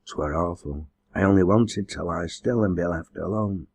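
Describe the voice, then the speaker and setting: A man's voice: low-pitched, moderate pace, darkish tone, slightly rough, dry recording. Man voicing a faint, listless woman. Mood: weak. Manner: faint, mechanical. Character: young countrywoman, weak and listless.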